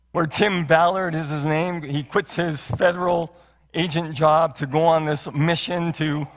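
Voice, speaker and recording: High-voiced male pastor preaching. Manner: earnest, repeats phrases and asks rhetorical questions. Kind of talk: sermon. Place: church sanctuary. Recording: long hall reverb.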